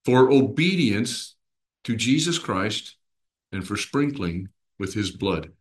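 A man with a fairly low voice leads a Bible study, talking to a small group in a relaxed, conversational way. He keeps turning questions back to his listeners. He slips into quick impressions and expressions to make his points. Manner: animated, acts out voices and expressions while explaining; asks the listeners questions and draws them in.

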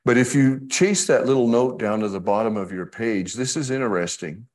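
Guy preaching, lowish voice, chatty, acts out the verses he reads. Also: moderate pace, few pauses, a little mellow. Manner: conversational, acts out the scripture quotes. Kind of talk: sermon.

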